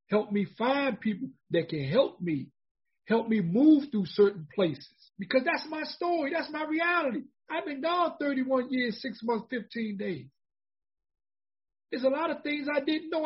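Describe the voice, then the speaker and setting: A man in his forties speaks with a raised, husky voice. He tells his own story in a conversational way, repeating points for emphasis. The recording sounds dull and lo-fi. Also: extremely high pitch, expressive, a little slow. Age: 40s. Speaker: formerly incarcerated speaker. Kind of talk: personal storytelling talk.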